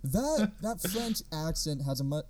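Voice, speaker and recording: Teasing young man with a lively voice. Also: on the high side, unhurried, slight background noise. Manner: wry, teasing interjections. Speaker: podcast co-host. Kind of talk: casual chat.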